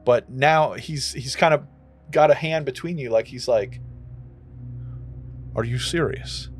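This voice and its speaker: A man narrating a tabletop game as game master, in a relaxed way with frequent fillers. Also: mid-range voice, normal speed, faint music behind.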